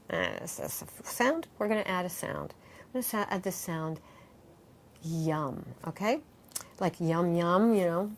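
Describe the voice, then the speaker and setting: A middle-aged woman who teaches yoga speaks in a relaxed interview, her voice pitched right in the middle for a woman. She gets animated, slipping into quoted voices, then settles to guide slow calming breath work. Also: a little hiss or hum. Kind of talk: conversational interview, guiding exercises.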